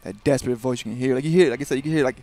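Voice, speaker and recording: Fast-talking gravelly young guy. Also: mid-range voice. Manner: fast, loose, animated storytelling with lots of "like". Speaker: guest fighter. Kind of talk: casual radio chat.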